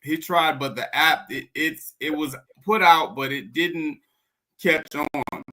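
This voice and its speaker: A man co-hosting a podcast in halting casual chat, often repeating words as he goes. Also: a little high, bright, forceful tone, rough recording. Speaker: podcast co-host.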